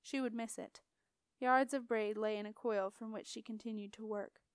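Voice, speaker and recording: Reading a fantasy chapter at a moderate pace, a female audiobook narrator keeps her expression steady and her fairly high voice smooth. The close-miked storybook narration is completely dry, without echo or room sound.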